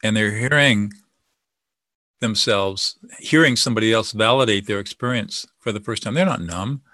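A man's voice: lowish voice, moderate pace, sharp tone, no room sound, studio quality. A man speaking as an expert guest in an interview, explaining listening and de-escalation in a confident, teaching way. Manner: confident, teaching, acts out sample dialogue.

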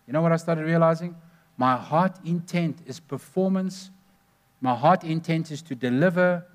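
A man's voice: fairly high pitch, moderate pace. A man preaching a sermon, telling stories earnestly and stressing numbered points.

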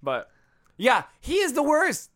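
A blunt male podcast co-host who rants freely and swears a lot. His voice is animated and rises and falls as he gets worked up. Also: extremely high pitch, takes it slowly. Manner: blunt, profane, ranting. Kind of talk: casual podcast chat.

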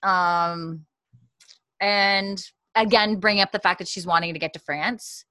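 Woman, casual storyteller, acts out quotes, low voice, dry close sound. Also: slow, no echo. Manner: lively storyteller, acts out quotes, laughs often. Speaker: podcast co-host recapping a show. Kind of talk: casual chat.

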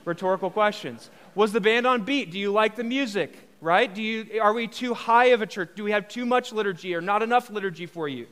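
A man's voice: high voice, fairly quick, few pauses, a bit bright. A man preaching a live sermon as pastor, casual and joking, asking the congregation rhetorical questions. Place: church hall with a congregation.

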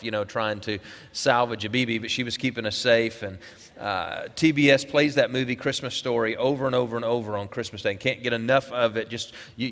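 A man's voice: medium pitch, a bit bright. Rambling middle-aged male pastor. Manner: rambling, with many fillers and restarts. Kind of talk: casual sermon opening. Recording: long echo of a large hall.

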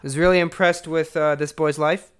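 A man's voice: fairly high pitch, steady tone, moderate pace, clear, resonant tone. A man co-hosting a casual movie podcast, joking and reading out trivia questions. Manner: runs trivia quizzes, joking. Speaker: podcast co-host.

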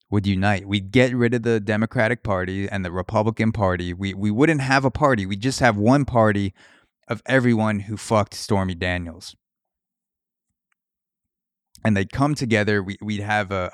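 A man's voice: fairly low pitch, normal speed, dry recording, clean studio sound. A young man hosting a comedy podcast, ranting crudely and riffing through mock voices for his bits. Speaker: podcast host.

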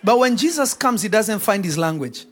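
A man preaching a sermon to a church congregation, shouting out points and acting out quotes. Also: high voice, lively intonation, normal speed. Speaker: pastor. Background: congregation responding.

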